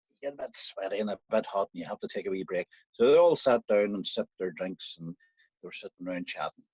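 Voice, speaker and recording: A man with an Irish accent telling a folk tale in a lively, conversational way, speaking straight to his listeners. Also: lowish voice, slightly rough, dry recording, highs cut off. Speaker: storyteller.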